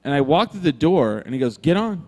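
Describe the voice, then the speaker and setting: Animated man telling a story in a reverberant room. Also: fairly high pitch, a little fast. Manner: animated, swears freely, acts out quoted voices. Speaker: podcast co-host telling a story. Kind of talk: casual storytelling. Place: brewery room.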